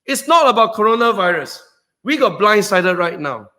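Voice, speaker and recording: A man hosting a stock trading webinar in a motivational style, excitable, shouting and whooping for emphasis, then dropping low and earnest for serious points. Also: moderate pace.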